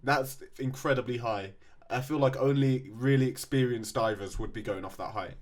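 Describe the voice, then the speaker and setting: A young man co-hosting a casual chat about clips, relaxed and matter-of-fact with dry jokes. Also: medium pitch, moderate pace. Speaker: co-host.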